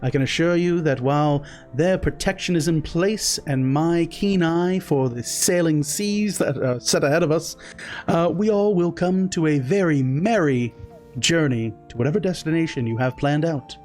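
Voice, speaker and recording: A man voicing a boastful, flowery male sea captain who speaks slowly and grandly. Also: fairly high pitch, a little mellow, soft background music, voice pushed up, close to an everyday voice. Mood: grandiose. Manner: pompous, theatrical, slow.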